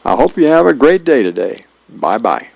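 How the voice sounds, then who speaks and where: A man working as a volunteer radio reader, reading the newspaper aloud in an unhurried way. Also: medium pitch, very animated, creaky, a little mellow, dry recording, low-quality recording.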